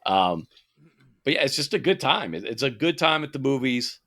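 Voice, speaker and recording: A man's voice: medium pitch, normal speed. A man in his thirties co-hosting a podcast, chatting casually and swearing freely while recommending a film. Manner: profane, animated movie recommending. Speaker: podcast co-host. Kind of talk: casual chat.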